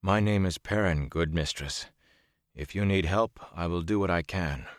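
A man narrating a storybook who voices a young man speaking softly and with restraint. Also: deep voice, moderate pace, dry recording, clean studio sound. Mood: gentle. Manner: soft, restrained. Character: young male blacksmith-soldier, quiet and careful.

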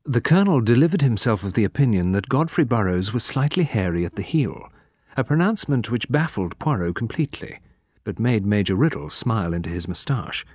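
A man reading a mystery novel aloud in a measured, even narration. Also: lowish voice, breathy edge, no echo, studio quality. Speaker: audiobook narrator. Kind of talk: scripted narration.

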